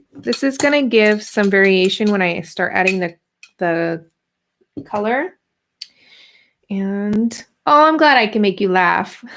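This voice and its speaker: A woman in her thirties, with a creaky mid-range voice, hosts a casual art journaling livestream and demonstrates her craft. She's chatty and playful, greeting viewers as she works, with a little hiss or hum in the recording.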